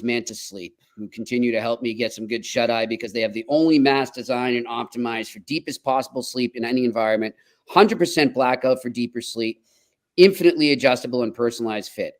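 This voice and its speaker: A man co-hosting a hockey podcast, chatting casually and reading sponsor ads in an upbeat, quick manner. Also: mid-range voice. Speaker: podcast co-host.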